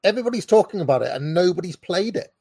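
A man's voice: sits high, expressive, rapid-fire, gravelly, a little mellow, breathy edge, no echo, studio quality. Blunt, mocking man ranting. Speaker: political commentator reacting to a clip. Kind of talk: ranting reaction commentary.

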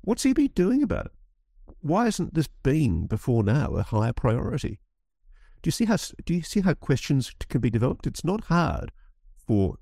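Gravelly, animated man in an impassioned interview. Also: deep voice, no echo, clean studio sound. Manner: impassioned, restarts phrases, rising emphasis. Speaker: guest commentator.

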